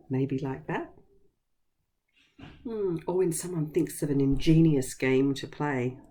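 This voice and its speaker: A woman teaching a vocabulary lesson to young children, speaking slowly and clearly in an encouraging way. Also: low voice, mellow.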